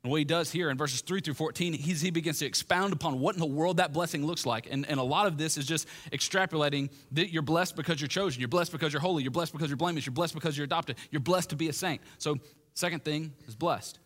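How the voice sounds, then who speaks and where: A man preaches to his congregation in a relaxed, conversational way, circling back and repeating phrases as he goes. His voice sits a little high for a man. It is recorded in a gym that serves as the church. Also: fast. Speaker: pastor. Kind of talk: sermon. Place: gym used as a church hall.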